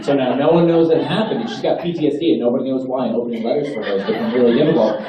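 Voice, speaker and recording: A man's voice: medium pitch, rapid-fire, background noise. A man doing a stand-up routine, ranting with growing exasperation at a live comedy venue. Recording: distant, dull, echoey audience recording. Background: audience laughter.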